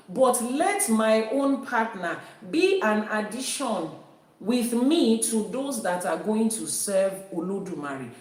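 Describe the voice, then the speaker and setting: Heard from a distance in a very echoey room, a woman with a medium-pitched, slightly mellow voice gives an emphatic lesson on Ifa spirituality. She keeps returning to her key phrases.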